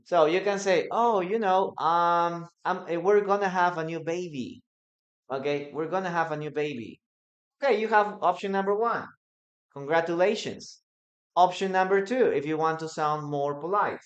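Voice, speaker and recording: Language teacher with a medium-pitched voice, casual classroom delivery that acts out sample dialogues, slightly dull recording. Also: moderate pace. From Peru. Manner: acts out short example dialogues, tags explanations with "no?". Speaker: online English teacher. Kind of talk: casual bilingual language lesson.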